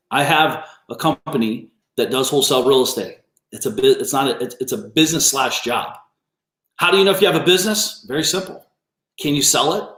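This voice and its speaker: Hosting a business coaching livestream, this man goes after a commenter with open swearing, bluntly challenging him to prove what he says. His slightly high, somewhat bright voice echoes noticeably around the room.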